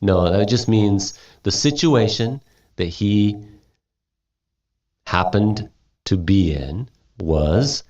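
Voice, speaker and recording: Slow, low-voiced man teaching English. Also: a little mellow, dull audio. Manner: repeats words slowly for students to copy. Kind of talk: reading a story aloud and explaining vocabulary.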